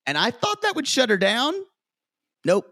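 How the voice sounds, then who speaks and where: A man co-hosting a casual podcast, with a voice that swoops lively up and down as he retells scenes and slips into quick impressions of the cast. The sound is close and dry. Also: very high-pitched, dry recording. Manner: animated, quotes cast members in put-on voices. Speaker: podcast co-host. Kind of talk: casual chat recapping a reality show.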